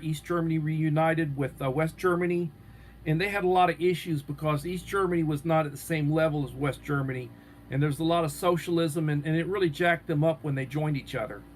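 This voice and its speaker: A man's voice: fairly high pitch, slight background noise. A man hosting a live stream, chatting casually and rambling as he answers viewers' comments. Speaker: livestream host.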